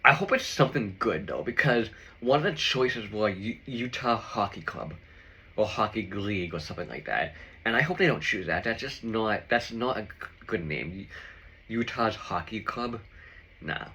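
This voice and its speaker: A man's voice: fairly low pitch, expressive, normal speed, bright, forceful tone, a little hiss or hum, low-quality recording. A man vlogging in casual chat with his viewers, rambling and opinionated with lots of fillers while he eats a meal.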